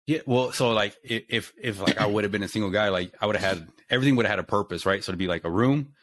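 A young man with a lowish voice talks quickly in a relaxed, rambling way. He swears freely and restarts his sentences. It sounds like casual chat between friends. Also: no room sound. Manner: laid-back, profane, rambling with restarts. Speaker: real estate agent.

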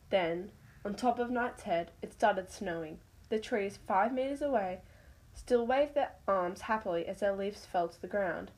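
A woman's voice: medium pitch, measured pace, darkish tone, low-quality recording. A woman reading her own animal story aloud, stumbling over words now and then.

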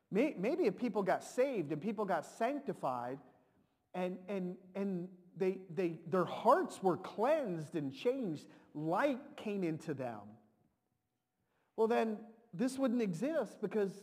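A man preaching a sermon in an animated way, repeating words and now and then shouting to act a point out. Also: high voice. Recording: long reverb of a large hall.

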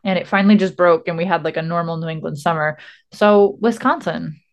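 A woman's voice: lowish voice, fairly quick. A woman co-hosting a podcast, chatting casually and laughing often as she rambles through explanations. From Rhode Island. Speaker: podcast co-host. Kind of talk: casual chat.

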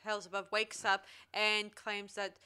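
Female co-host, crisp, bright voice, easygoing plot recap. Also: medium pitch, monotone, measured pace. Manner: retells the plot step by step with many ums and "so anyway".

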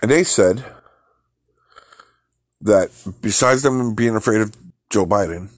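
Speaking slowly in a lowish voice, a man on his podcast delivers an opinionated political rant, angry and profane, full of repeated words and restarts. The recording is dry.

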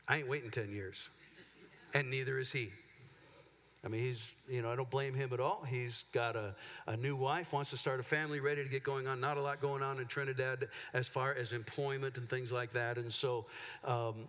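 A man preaches from the pulpit, telling a personal story in a candid, halting way full of restarts. His voice sits in a middle register. The sound rings with the long reverb of a church sanctuary. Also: mid-range voice, a bit bright. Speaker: pastor. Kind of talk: sermon.

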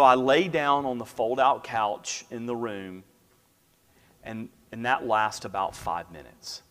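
A man's voice: mid-range voice, slow. Pastor, male, storytelling sermon voice that falls to a near whisper at tender points, big reverberant sanctuary. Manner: storytelling, drops to a hush for quiet moments. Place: church sanctuary. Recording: long hall reverb.

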